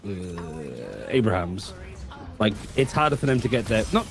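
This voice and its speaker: A man's voice: lowish voice, huge pitch swings, a little slow, gravelly, noisy background. A man co-casting a game match in casual chat, talking through the map and laughing with the host. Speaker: co-caster.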